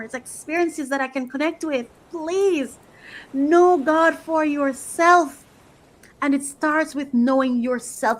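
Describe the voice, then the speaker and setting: A woman's voice: high voice, low-quality recording. A woman coach giving an emotional, motivational faith talk, repeating phrases for emphasis. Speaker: faith-based life coach.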